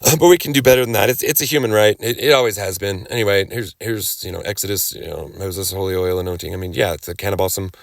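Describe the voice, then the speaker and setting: A man's voice: low-pitched, dry recording. A man lecturing casually from slides, rambling with restarts, sarcastic asides and occasional coughing. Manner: rambling, halting restarts, coughs and throat clearing. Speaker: cannabis rights lecturer.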